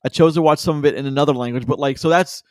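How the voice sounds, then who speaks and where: A man's voice: a little high, rapid-fire, darkish tone, no room sound, clean studio sound. A man hosting a casual movie podcast, rambling and stumbling over words with frequent laughs. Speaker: podcast host.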